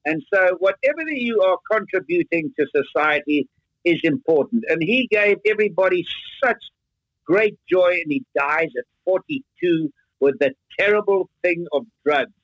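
A man in his eighties, a guest on a remote link, telling stories in an animated, earnest way. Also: high voice, moderate pace, no echo, lo-fi sound. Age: 80s. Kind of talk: interview.

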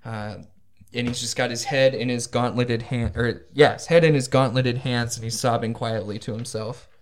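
A man's voice: mid-range voice, steady tone, normal speed. A man narrating a tabletop game as game master, hesitant and full of ums.

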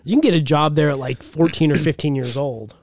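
A man's voice: on the high side, fairly quick, darkish tone, no echo. A man from Utah co-hosting a podcast, talking in blunt, profane, casual banter and telling stories from his youth. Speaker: podcast co-host.

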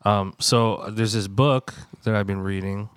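Low-voiced man co-hosting a podcast. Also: fairly even intonation, unhurried, a crowd in the background. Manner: loose, rambling, reads aloud with fillers. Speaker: podcast co-host. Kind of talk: casual group chat.

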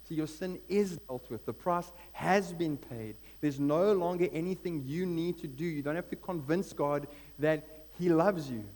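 A man's voice: fairly high pitch, a little slow, few pauses, a little mellow. A man preaching a sermon as pastor, earnest and building to emphatic peaks. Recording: long hall reverb with mains hum.

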